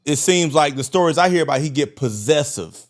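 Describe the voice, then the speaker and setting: Measured man steering a podcast chat. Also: a little high, animated. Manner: measured, guides the discussion. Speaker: podcast co-host. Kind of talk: casual conversation.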